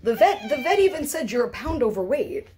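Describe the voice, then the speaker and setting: With a warm, high voice that swings widely in pitch, a young woman briskly chats to her cats while filming them on a phone at home. It's playful sing-song baby talk, with slight background noise.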